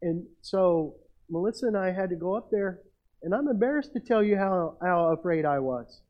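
Middle-aged male pastor, high voice, muffled lo-fi recording, self-mocking storyteller in a sermon. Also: animated, normal speed. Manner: storytelling, self-mocking, builds to emphatic peaks. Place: church. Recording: muffled lo-fi sound.

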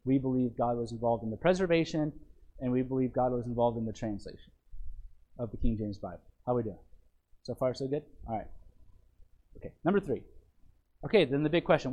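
Preacher teaching a class. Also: male voice, fairly high pitch, a little mellow, low-quality recording. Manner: checks in often with the room, repeats phrases, restarts. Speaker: pastor teaching a Bible lesson. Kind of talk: sermon teaching from an outline.

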